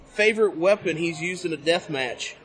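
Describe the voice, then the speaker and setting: A man's voice: on the high side, moderate pace, a bit bright, a little hiss or hum. A man hosting a casual podcast interview at a convention, who hypes up his guest and plugs his show. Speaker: podcast host. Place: busy convention hall.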